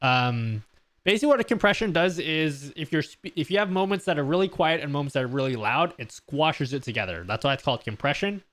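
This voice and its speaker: A man's voice: fairly high pitch, animated, a little fast, a bit bright, no room sound. A man live-streaming a casual question-and-answer session, joking, laughing and reading his chat aloud from a close desk mic. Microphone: close desk mic on an audio mixer.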